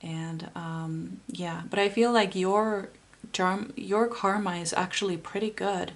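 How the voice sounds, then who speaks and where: A woman giving a pick-a-card tarot reading, talking softly and encouragingly with frequent pauses and fillers. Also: on the low side, steady tone. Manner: soft, unhurried and encouraging, with many fillers.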